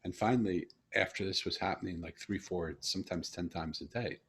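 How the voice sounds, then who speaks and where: Husky, deep-voiced man telling a story. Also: fairly bright tone. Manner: earnest, reflective, with pauses and restarts. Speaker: host. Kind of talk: conversational storytelling.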